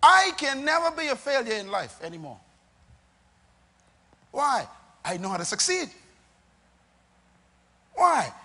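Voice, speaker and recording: High-voiced emphatic Bahamian preacher in a hall. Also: male voice, sing-song, takes it slowly, pauses often. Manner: emphatic, call-and-response questions, swings between soft and loud. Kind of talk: sermon.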